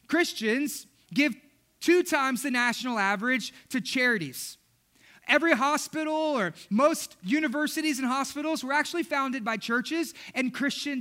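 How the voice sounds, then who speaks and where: Young pastor guy preaching, voice way up high, bright and punchy. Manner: animated, acts out his daughters' voices. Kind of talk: sermon.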